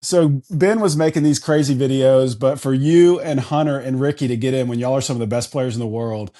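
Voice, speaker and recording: A man's voice: medium pitch, fairly quick, dark tone. A man hosting a podcast, asking a guest questions in an easygoing, conversational way. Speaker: podcast host. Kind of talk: casual interview questions.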